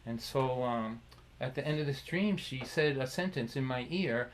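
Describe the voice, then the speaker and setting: A man's voice: mid-range voice, normal speed, a little hiss or hum, poor audio. A man hosting a livestream concert, telling a heartfelt personal story with laughs and restarts, acting out remembered dialogue. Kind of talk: storytelling monologue. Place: home livestream.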